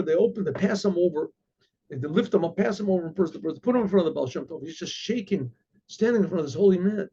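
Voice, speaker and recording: A man, a rabbi, telling a story in an animated, halting way. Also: sits high, creaky, breathy edge. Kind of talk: oral storytelling. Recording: dull lo-fi recording.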